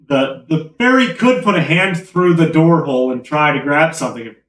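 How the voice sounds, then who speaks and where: A man narrates a tabletop game as game master, loose and halting with fillers. His voice sits somewhat high. He is heard from across an echoey room. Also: animated, a bit bright. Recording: roomy echo, from far off.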